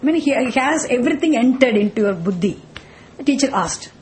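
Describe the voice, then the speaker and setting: Woman, scripture teacher, fairly high voice, measured questioning delivery. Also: lively intonation, a little mellow, a little hiss or hum, rough recording. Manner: slow, explanatory, with repeated rhetorical questions. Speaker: Vedanta teacher. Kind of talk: scripture class lecture.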